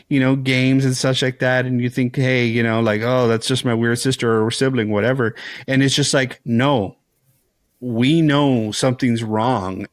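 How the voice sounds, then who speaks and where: A man who is a father, co-hosting a podcast and retelling a film scene in casual chat, animated and full of restarts and filler words. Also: mid-range voice, no echo, studio quality. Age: young adult to middle-aged, a father. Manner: animated storyteller, acts out characters' lines, many "like"s and restarts. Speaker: podcast co-host.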